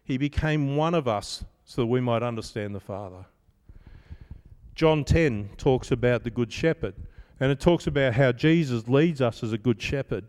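A man's voice: medium pitch, normal speed, darkish tone, smooth, long reverb tail. A man giving a conversational sermon as pastor, telling stories with self-deprecating humor.

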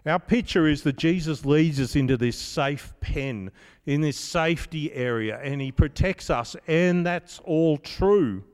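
A man's voice: fairly high pitch, a little slow, darkish tone, smooth, long reverb tail. A man giving a conversational sermon as pastor, telling stories with self-deprecating humor.

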